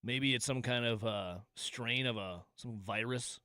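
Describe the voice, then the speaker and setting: A man hosts a call-in sports radio show, mocking and sarcastic, drawing out his jokes in long asides. His medium-pitched voice is pushed and bright with a clean tone, recorded dry on a studio microphone at studio quality.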